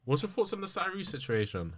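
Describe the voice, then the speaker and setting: A man's voice: high voice, sing-song, quick pace, no room sound. A young man hosting a podcast, asking questions in casual slang. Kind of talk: casual chat.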